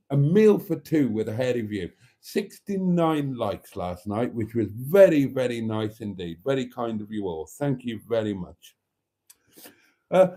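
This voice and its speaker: Male stream host, mellow tone, wry and theatrical, rambling over a glass of wine. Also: medium pitch. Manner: wry, theatrical, calls viewers darlings; relaxed and a bit rambling, sipping wine. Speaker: channel host. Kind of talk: live stream chat reading viewer comments.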